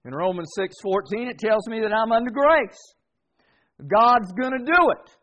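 A man's voice: high voice, moderate pace, a bit bright. A man preaching a sermon, getting the congregation to repeat words back and hammering key words through repetition. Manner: call-and-response with congregation, emphatic repetition.

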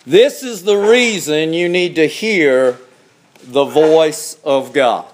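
A man preaching in a high voice with a lilt. He takes his time, leaning hard on each phrase and letting it rise as he drives it home. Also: a little hiss or hum. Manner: slow, emphatic preaching with rising exclamations. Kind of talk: sermon.

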